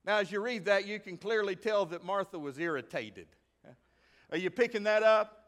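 A man in middle age preaches, and his voice sits high. He is animated, throws questions at the congregation, and slips into the voices of the people in the story. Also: normal speed. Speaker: pastor. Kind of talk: sermon.

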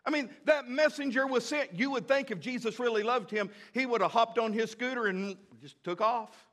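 Emphatic high-voiced preacher. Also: male voice, moderate pace. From United States. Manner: emphatic preaching with big swings from loud to hushed; repeats key phrases for emphasis. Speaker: pastor. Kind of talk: sermon.

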